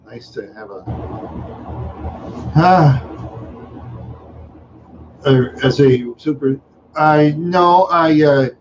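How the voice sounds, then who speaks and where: A fairly high-voiced man hosts a casual livestream, talking extremely slowly and pausing often as he yawns and rambles through fillers and trailing asides. The recording is muffled, with slight background noise.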